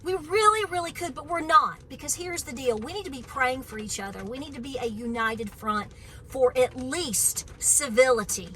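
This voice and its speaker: A woman's voice: high-pitched, moderate pace, pushed and bright, slight background noise, low-quality recording. A woman homesteading vlogger speaking outdoors on her farm in an impassioned, preachy, emphatic way. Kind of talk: outdoor political vlog rant.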